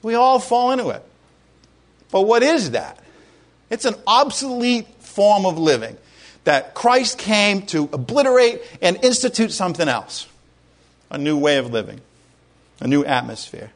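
A pastor preaching a sermon in a conversational way, asking his congregation questions and rising to loud exclamations. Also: sits high, big pitch swings, unhurried, long pauses.

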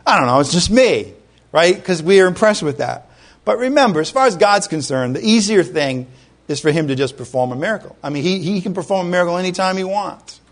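A middle-aged man from Rhode Island preaching a sermon as a pastor, conversational and animated, with frequent asides to the congregation. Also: high-pitched, brisk.

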